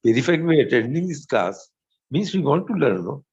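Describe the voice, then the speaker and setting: A man taking part in a devotional study class, responding politely and haltingly with fillers. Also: mid-range voice, big pitch swings, darkish tone, muffled recording, faint music behind. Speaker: class participant. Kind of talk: respectful discussion.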